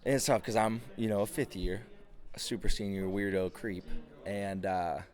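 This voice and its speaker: Deep-voiced young man ranting, profane. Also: fairly even intonation, moderate pace, a little mellow. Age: 20s. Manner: profane, rambling, full of fillers. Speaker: podcast host. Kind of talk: casual comedic rant.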